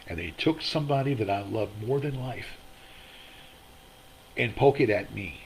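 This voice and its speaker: A man's voice: mid-range voice, animated, normal speed, a little hiss or hum, poor audio. A man hosting his own online show, ranting in a rambling, aggrieved way and repeating himself. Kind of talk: angry livestream monologue. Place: motel room.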